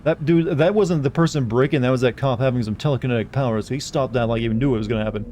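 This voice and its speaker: A man's voice: medium pitch, fast, darkish tone, a little hiss or hum. A young man streaming a game, joking and sarcastic as he reads its dialogue aloud. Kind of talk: casual gameplay commentary.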